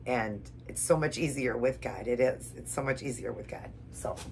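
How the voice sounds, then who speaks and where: A woman's voice: extremely low pitch, moderate pace, a little hiss or hum. A woman vlogger praying and reading scripture, earnest and emotional, repeating herself as she talks to viewers at home. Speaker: keto vlogger. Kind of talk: emotional devotional vlog with prayer and eating.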